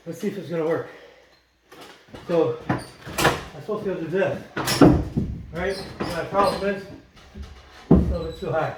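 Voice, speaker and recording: A man's voice: on the high side, moderate pace, long pauses. A man in his fifties giving a chatty work-along tutorial, talking to himself and his viewers while he works and joking along the way. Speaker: drywall installer. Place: bare room under construction. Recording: echoey room, far from the mic, loud work noise.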